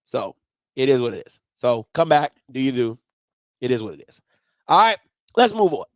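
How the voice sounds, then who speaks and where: A man hosting a live sports talk show, ranting in a casual and profane way, dropping to low mutters and then rising to shouts. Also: sing-song, moderate pace, dry recording.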